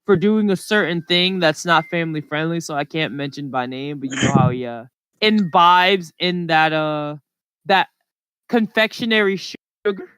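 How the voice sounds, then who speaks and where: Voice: mid-range voice, normal speed, a bit bright, clear, resonant tone, dry recording. A podcast co-host chatting casually, rambling through stories with lots of fillers. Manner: rambling, filler-heavy storytelling. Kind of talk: casual chat.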